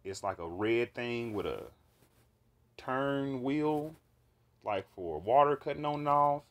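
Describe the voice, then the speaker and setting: A man's voice: medium pitch, slow pace. A man recounting a vivid dream in a casual monologue, swearing freely and rambling with fillers and restarts. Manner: profane, animated, rambling with fillers.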